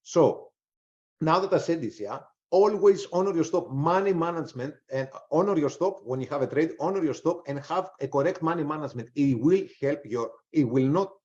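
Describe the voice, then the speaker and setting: A man's voice: on the high side, lively intonation, a little fast, a little mellow. Guy in his 40s rambling thru a trading webinar, lots of restarts, kinda dull lo-fi audio. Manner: rambling, frequent restarts and fillers. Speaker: webinar presenter, trader. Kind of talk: live webinar talk.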